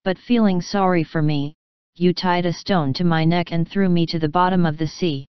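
A cheeky, playful wooden puppet boy from a storybook, as a woman reader puts him on. The voice is smooth and fairly low, boastful and quick-witted. It sounds dry, close and a little dull in tone. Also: fairly even intonation, no echo, natural voice.

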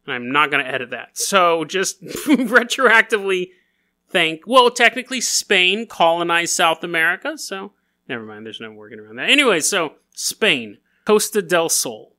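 Male podcast host, bright and animated, comedic casual storyteller who keeps laughing. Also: a little high, moderate pace. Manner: joking, laughs often, acts out silly voices.

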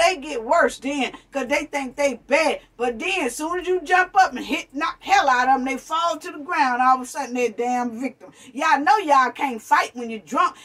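A woman's voice: sits high, far from the mic. A woman raised in New York, giving a blunt, profane, preachy commentary rant straight to her viewers, calling them family and honey. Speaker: commentary vlogger. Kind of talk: ranting commentary.

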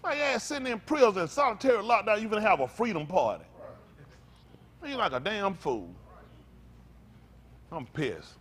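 In a sing-song voice and at a slightly quick pace, an older man rants from the pulpit with fire and profanity, veering from loud outbursts to weary, low mutters.

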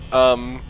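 A man's voice: mid-range voice, rough recording. A man hosting a gaming video, joking and rambling crudely as he plays. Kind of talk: let's play commentary.

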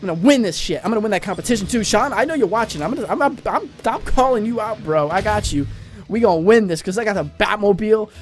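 A young man giving excitable let's-play commentary, rambling fast and yelling at his teammates. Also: high-pitched, faint music behind. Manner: hyper, rambling, yells at teammates. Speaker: gaming channel host.

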